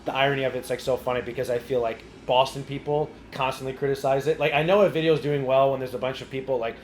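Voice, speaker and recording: A man's voice: medium pitch, steady tone, quick pace, reverberant, soft background music. A young man from New England, a podcast guest chatting casually, easygoing and self-deprecating, laughing often. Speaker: podcast guest, content creator. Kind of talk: casual interview chat.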